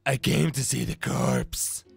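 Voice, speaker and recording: A man doing a morbid doctor pigeon who drawls every word slow and flat. His deadpan delivery gives the calm a creepy edge. Middling in pitch, it is a low-key dating-sim character voice. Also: vocal fry, faint music behind, exaggerated voice.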